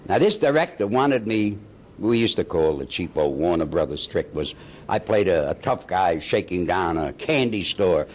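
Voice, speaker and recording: Older New man, low voice with lively swings, chatty storyteller, faint room noise behind. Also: normal speed. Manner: animated anecdotes with laughs and acted-out quotes. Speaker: interview guest, actor. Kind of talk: storytelling in a casual interview.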